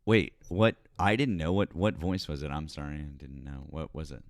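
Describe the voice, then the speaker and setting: A man's voice: very deep voice, lively intonation, moderate pace. A middle-aged man hosting a live-stream call-in show, rambling and often apologizing with a self-deprecating manner. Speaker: host.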